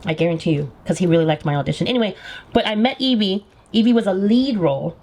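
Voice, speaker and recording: A woman's voice: mid-range voice, lively intonation, fast, a little mellow. A woman hosting a podcast in a casual chat, teasing her guest and prompting her with questions. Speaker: podcast host.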